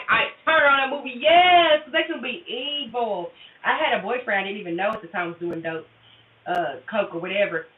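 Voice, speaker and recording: A woman livestreaming a tarot session, talking candidly and profanely straight to her viewers in casual chat. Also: mid-range voice. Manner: candid, profane, confessional, addresses viewers directly. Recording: tinny phone-like audio, roomy and distant.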